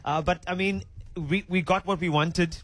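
A man hosting a radio show, energetic and playful, joking with his guests in the studio. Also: sits high, no room sound. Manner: energetic, playful, quick to joke. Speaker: radio host. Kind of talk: upbeat radio banter. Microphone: studio microphone.

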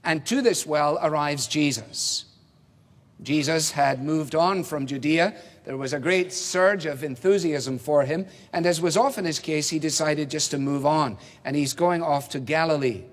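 A man preaching an expository sermon, measured and emphatic, posing rhetorical questions. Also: fairly high pitch. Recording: reverberant hall.

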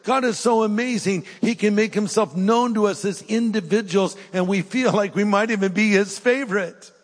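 An older man preaching a sermon with an altar call, earnest and pleading, swinging between raised emphasis and hushed, soft appeals. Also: sits high, moderate pace, in a large hall. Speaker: pastor. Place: church hall with live audience.

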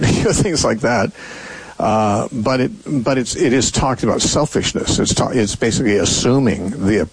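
An older man hosts a call-in Bible show, talking his answers through at length with plenty of "uh" and restarts. His voice is husky, and it sits close and dry with no room sound. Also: medium pitch, no echo, poor audio. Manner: thoughtful, rambling explanations with many fillers and restarts. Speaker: call-in radio Bible teacher host. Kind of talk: call-in radio answering callers.

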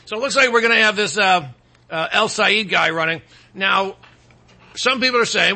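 Man, talk show host, from Michigan, high voice, rambling sarcastic delivery. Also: lively intonation, normal speed, pauses often, sharp tone. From Michigan, USA. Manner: rambling, sarcastic, frequent throat clearing. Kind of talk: casual political talk with ad reads.

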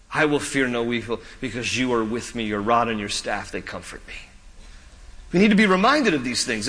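A man's voice: fairly high pitch, pushed and bright, in a large hall. A man preaching a sermon, earnest and pleading, rising to urgent questions, then teaching in a conversational way. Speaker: pastor.

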